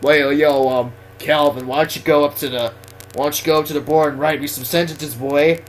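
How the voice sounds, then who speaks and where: A young man voicing a laid-back male teacher who loudly scolds a student. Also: on the high side, steady tone, fairly quick, a little hiss or hum, close to an everyday voice. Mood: scolding.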